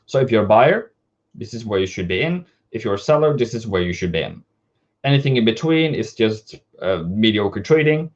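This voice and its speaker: Animated man giving live trading analysis. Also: lowish voice, moderate pace. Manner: casual, direct, talks to viewers as "bro" and "my brother". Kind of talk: live market analysis stream. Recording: dull lo-fi stream audio.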